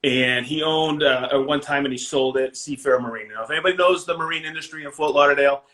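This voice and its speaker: Middle-aged man, Maine accent, bright voice, rambling casual guest who laughs a lot. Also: fairly high pitch, quick pace. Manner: rambling, laughs often, many fillers. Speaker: guest, finisher. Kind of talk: casual chat.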